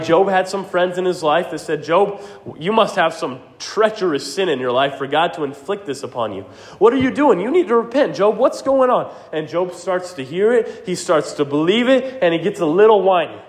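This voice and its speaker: A man preaching a sermon as pastor, earnest and emphatic, often checking in with the congregation. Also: mid-range voice. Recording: reverberant hall sound.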